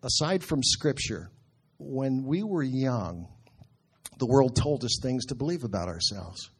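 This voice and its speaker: A middle-aged man preaching in an earnest, conversational way, slowing down to quote scripture. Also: mid-range voice, lively intonation, husky. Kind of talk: sermon.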